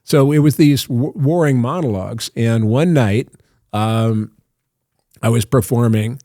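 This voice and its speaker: A man's voice: medium pitch, a little slow, dark tone, dry recording, clean studio sound. An older man, a guest actor in an interview, telling long anecdotes in a loose, self-interrupting way. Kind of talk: casual storytelling interview.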